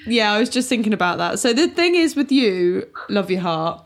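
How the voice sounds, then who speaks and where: A woman's voice: mid-range voice, big pitch swings, normal speed. A woman chatting casually as an older sister, telling family stories with laughter. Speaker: podcast co-host, older sister. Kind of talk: casual chat.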